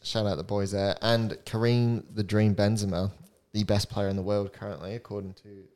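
A man's voice: lowish voice, level tone, normal speed, a little mellow, clear, resonant tone. A young man hosting a casual podcast chat, reading out score predictions and laughing often. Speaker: podcast host.

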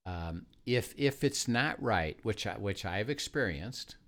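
A man's voice: fairly low pitch, lively intonation, slow pace, fairly bright tone. A man in casual faith talk, telling stories and acting out little dialogues. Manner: storytelling, acts out dialogue.

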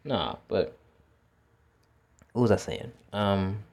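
Guy with a lowish voice just thinking out loud outside, repeats himself a lot, cusses here and there. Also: slow. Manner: reflective, repeats words, swears casually. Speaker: teacher. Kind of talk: casual spoken monologue. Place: outdoors with feet in water.

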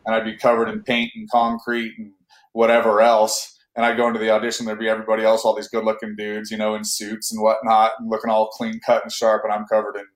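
A man's voice: on the low side, completely flat delivery, quick pace, reverberant, rough recording. A man from Northern California, an actor telling a long story in a casual interview, rambling with many fillers and restarts.

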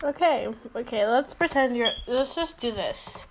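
A woman's voice: fairly high pitch, a little slow, slight background noise, rough recording. Giggly teen girl playing talk-show host. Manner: rambling, giggly, fillers. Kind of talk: casual chat with mock interview.

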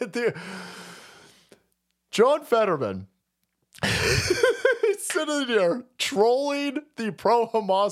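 Foul-mouthed, animated male stream host. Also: high-pitched. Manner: foul-mouthed, laughs often, mocking. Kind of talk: profane comedic rant commentary.

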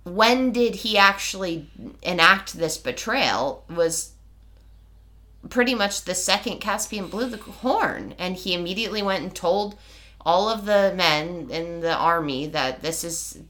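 A woman co-hosting a book podcast in casual chat, animated, with lots of "like" and quick restarts. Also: fairly low pitch. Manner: animated, fills speech with "like", restarts often.

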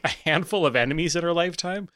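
A man's voice: a little high, fast talker, pushed and bright. A man playing a comedy tabletop game, chatty and joking. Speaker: player.

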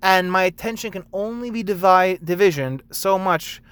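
A young man, a barista, rambling casually about work, full of fillers and bits where he acts out customers in a high sing-song voice. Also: normal speed, fairly bright tone, smooth. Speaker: barista vlogger.

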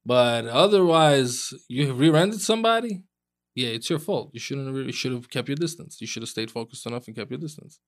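A man's voice: mid-range voice, lively intonation, fairly quick. A man who is a personal injury attorney, explaining legal points with examples in casual podcast chat.

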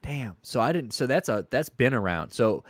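A man's voice: medium pitch, expressive, normal speed, dry recording, studio quality. A man co-hosting a podcast in casual chat, rambling and swearing as he tells a story, acting out the people in it. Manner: rambling, swearing, acts out voices in retelling. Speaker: podcast co-host.

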